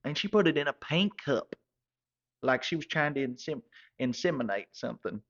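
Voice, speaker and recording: A man's voice: mid-range voice, animated, moderate pace, muffled recording. A man telling a rambling comedic story in a drawl, often correcting himself. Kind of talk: comedic monologue.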